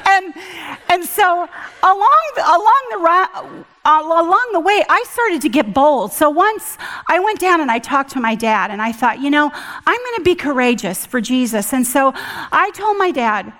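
An older woman giving an earnest personal testimony at church, halting often and restarting her sentences. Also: very high-pitched, very animated, fairly bright tone, long reverb tail. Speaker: church speaker.

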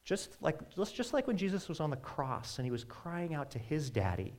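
A man preaching a sermon in a conversational, animated way, with quick asides to his listeners. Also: on the high side. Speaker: pastor.

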